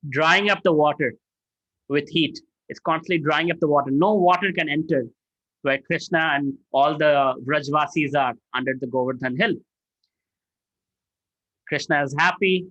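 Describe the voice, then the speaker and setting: Animated male scripture storyteller. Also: a little high, moderate pace, no room sound, dull audio. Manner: animated, dramatizing, frequent "right?". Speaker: spiritual teacher.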